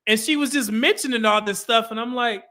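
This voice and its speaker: Bright-voiced, animated male host. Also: very high voice, a little fast. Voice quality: laughs often while telling stories. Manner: animated storyteller, acts out quoted lines. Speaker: podcast host. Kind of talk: casual livestream chat.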